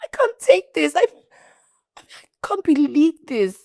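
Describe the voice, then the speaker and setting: A woman's voice: high-pitched, sing-song, unhurried, vocal fry, dark tone, no echo, clean studio sound, exaggerated voice. Defensive young woman. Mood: tearful. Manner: defensive, pleading, on the verge of tears. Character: young woman denying accusations, self-pitying. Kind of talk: Nollywood film acting.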